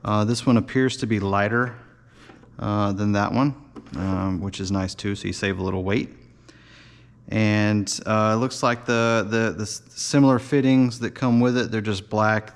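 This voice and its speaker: Against a noisy background, a man with a voice on the low side casually presents his model build in his workshop. His explanation is loose and rambling, full of fillers and restarts.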